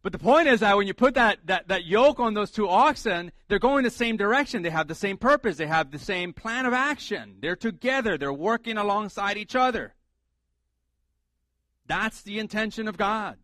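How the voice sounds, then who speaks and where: A middle-aged man delivers a sermon in a relaxed, joking manner, hammering home his points by repeating them. His voice sits a little higher than most men's. The recording is dry and close, with no room echo. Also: moderate pace. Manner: conversational, humorous preaching with emphatic repetition. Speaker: pastor.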